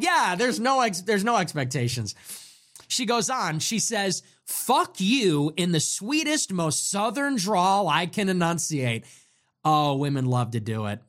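A man's voice: sits high, a bit bright. A man giving ranting political commentary, sarcastic, profane and mocking.

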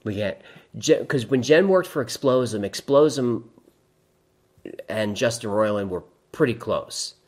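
A man's voice: mid-range voice, expressive, slow pace, darkish tone. Guy running a live stream reading chat, dry jokey asides, laughs a lot, rambles on. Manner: wry, rambling asides, laughs at his own jokes. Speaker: livestream host reading chat. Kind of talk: casual livestream chat.

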